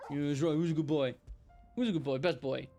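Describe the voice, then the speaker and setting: A young man streaming a video game, excitably yelling at enemies and chatting between fights. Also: on the high side, a little fast, soft background music. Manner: excitable, yells playfully at enemies. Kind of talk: live gameplay commentary.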